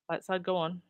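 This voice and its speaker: A woman's voice: on the low side, clear, resonant tone, no echo. Conversational woman host, dry sound. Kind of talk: casual chat.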